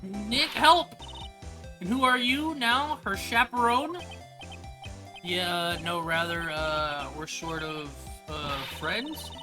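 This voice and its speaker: A woman's voice: on the low side, slow pace. A woman reading a hesitant young lawyer's lines in her own voice, awkward and stammering, over game music. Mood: flustered.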